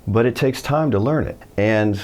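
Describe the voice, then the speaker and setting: A middle-aged man with a very low, deep voice gives a Spanish lesson to camera. He explains grammar casually and tells anecdotes, jumping his voice up to act out the people he quotes. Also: normal speed. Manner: animated storytelling, acts out quoted voices. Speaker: Spanish teacher. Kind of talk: video lesson.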